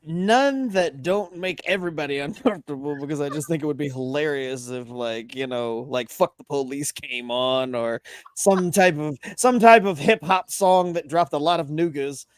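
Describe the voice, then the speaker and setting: A man's voice: a little high, normal speed, clean tone, no room sound. A man co-hosting a casual sports podcast who rants in an opinionated way. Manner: animated, opinionated ranting. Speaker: podcast co-host. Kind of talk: casual chat.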